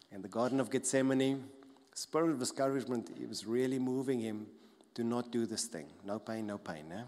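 Pastor in an echoing hall. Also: male voice, medium pitch. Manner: emphatic, repeats key phrases, drops soft for stress. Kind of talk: sermon. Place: church hall. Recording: long hall reverb.

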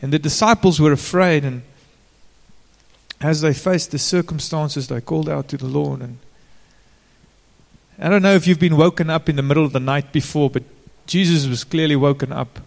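A man preaching to a congregation, his fairly high voice carrying a gravelly edge. He keeps it informal and turns to the listeners with direct questions. A long hall reverb trails every phrase. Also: moderate pace. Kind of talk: sermon.

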